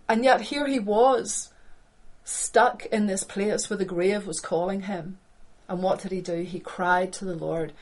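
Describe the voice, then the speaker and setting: Middle-aged woman preacher, mid pitch, impassioned sermon delivery, repeats lines, goes from hushed to loud. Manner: impassioned, repeats phrases for emphasis, swings between hushed and loud.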